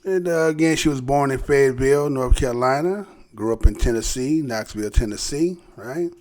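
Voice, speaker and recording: Man hosting an online commentary show, mid pitch, easygoing and rambling. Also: a little fast, darkish tone. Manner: rambling, loose, full of fillers and tag questions. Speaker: channel host. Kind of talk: casual news commentary.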